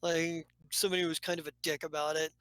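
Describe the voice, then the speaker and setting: A woman's voice: sits low, level tone, fast, a bit bright, clean tone, dry recording, poor audio. Woman game master, loose and rambling narration, dry recording. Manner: rambling, many fillers and restarts.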